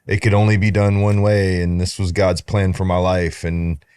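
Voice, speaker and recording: A man's voice: deep voice, level tone, normal speed, a little mellow, clean tone, no echo. A man co-hosting a casual chat podcast, bantering playfully. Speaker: podcast co-host.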